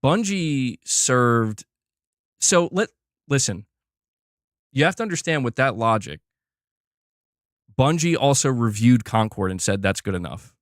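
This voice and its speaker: A man's voice: medium pitch, animated, slow pace, long pauses, no echo, clean studio sound. A man giving blunt, opinionated commentary on gaming news, emphatic and repeating himself as he pushes his point.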